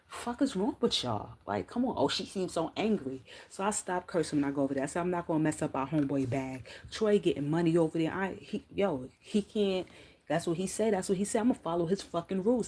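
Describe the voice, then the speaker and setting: Fast-talking, profane woman ranting on a live stream. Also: fairly low pitch, breathy edge. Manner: fast, profane, animated storytelling with slang. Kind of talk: unfiltered casual rant. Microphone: phone.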